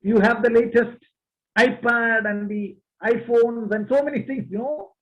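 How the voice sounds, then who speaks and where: Slow, high-voiced preacher. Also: male voice, fairly even intonation, lo-fi sound. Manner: slow, emphatic, addresses the congregation. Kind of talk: sermon.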